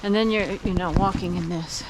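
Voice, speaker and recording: A woman's voice: on the low side, fairly even intonation. An older woman chatting casually as she films a hike on a forest trail and points out the sights. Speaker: vlogger. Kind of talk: casual hiking vlog narration. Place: outdoor forest trail by roaring water. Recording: outdoor camera audio with clear rushing-water noise.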